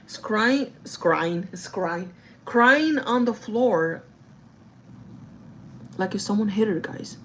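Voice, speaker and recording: A woman's voice: medium pitch, lively intonation, takes it slowly, pauses often, a bit bright, a little hiss or hum, rough recording. A young woman vlogger telling a family story in casual chat, rambling with many fillers and often calling her viewers "guys".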